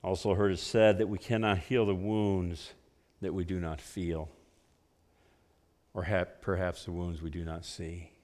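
A man preaching a sermon with earnest conviction, swelling loud and then dropping to hushed tones as he presses a point. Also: deep voice, level tone, unhurried. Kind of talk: sermon with told stories. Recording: long reverb of a hall.

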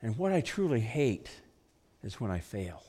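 A man preaching a sermon with earnest conviction, swelling loud and then dropping to hushed tones as he presses a point. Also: mid-range voice, very animated, unhurried, breathy edge. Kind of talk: sermon with told stories. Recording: long reverb of a hall.

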